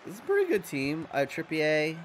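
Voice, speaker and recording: A man's voice: on the high side, wildly swooping pitch, a little fast. A young adult man with an American accent, hosting a casual livestream and chatting with viewers as he answers their comments. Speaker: livestream host.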